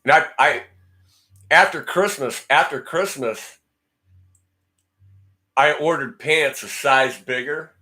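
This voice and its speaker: A man's voice: on the high side, takes it slowly, long pauses, sharp tone. A man hosting a casual livestream, rambling and joking as he talks back to viewer comments. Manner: joking and blunt. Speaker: guitar channel host.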